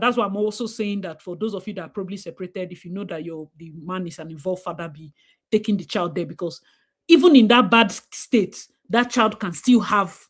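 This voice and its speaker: A woman with a Nigerian accent talking emphatically in a casual discussion, slipping into Pidgin and acting out what parents say. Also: medium pitch. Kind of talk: casual talk-show discussion.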